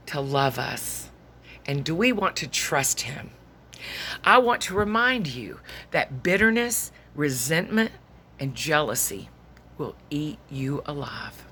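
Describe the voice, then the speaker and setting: A woman's voice: low voice, a little hiss or hum. Woman telling a folksy sermon. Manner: folksy, conversational, softening to near-whispers. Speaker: preacher. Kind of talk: storytelling sermon.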